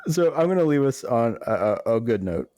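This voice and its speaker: Man, podcast co-host, upbeat casual chat, laughs easily, mid-pitched voice, dry close sound. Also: sing-song, fairly quick, warm tone, dry recording.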